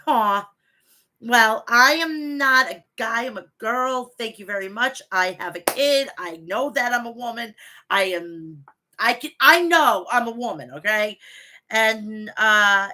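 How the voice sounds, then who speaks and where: A woman's voice: fairly high pitch, takes it slowly, sharp tone. A woman hosting a wrestling review live stream, chatting casually, swearing freely and reading names from the chat. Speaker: wrestling review show host.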